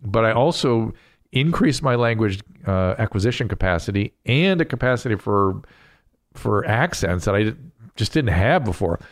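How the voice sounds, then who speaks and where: Male doctor-host, lowish voice, talks through topics like a lecture, dry studio sound. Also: lively intonation, normal speed, no echo. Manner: explanatory, lecturing. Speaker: host and physician. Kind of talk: casual podcast chat.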